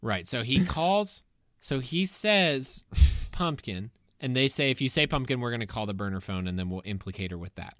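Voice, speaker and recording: A woman in casual conversation, retelling a movie plot quickly with lots of restarts. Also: a bass voice, lively intonation, fairly bright tone, dry recording, studio quality. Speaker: podcast co-host. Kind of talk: casual movie recap chat.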